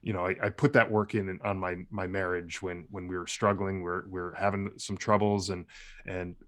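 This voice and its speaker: A man hosting a podcast, speaking thoughtfully in a halting way and often repeating words as he works out his point. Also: low voice, flat delivery, fairly bright tone. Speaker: podcast host. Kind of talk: casual conversation.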